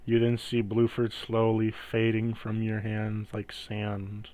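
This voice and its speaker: A man running a tabletop game as game master, narrating the scene slowly and dramatically and asking for rolls. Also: on the low side, monotone, mellow. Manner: slow, dramatic descriptive narration.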